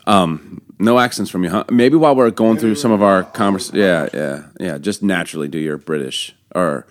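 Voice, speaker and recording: A man's voice: deep voice, normal speed. A man in his thirties co-hosting a podcast, playful and teasing, laughing often in casual banter. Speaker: podcast co-host.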